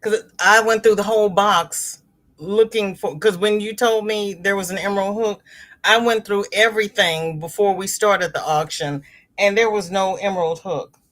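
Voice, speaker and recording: A middle-aged woman hosting a crochet livestream, chatting casually with viewers and reading their comments aloud, chatty and expressive, with sudden exclamations. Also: medium pitch, moderate pace.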